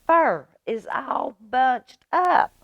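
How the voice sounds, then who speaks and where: A woman's voice: sits high, very animated, drawn-out words, gravelly, no room sound, muffled recording, pitched above the performer's own voice, heavily acted. A woman voicing a middle-sized mother bear who growls and cries out. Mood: indignant. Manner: gasping, growling.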